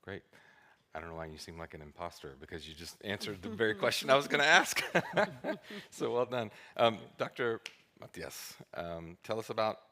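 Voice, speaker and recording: A man's voice: on the low side, lively intonation, normal speed, pushed and bright, big-room sound. A man moderating a conference panel, light and joking.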